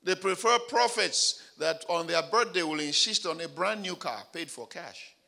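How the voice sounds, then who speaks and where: A male pastor preaching a dramatic sermon, building up to shouted declarations. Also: on the high side, animated, normal speed, gravelly.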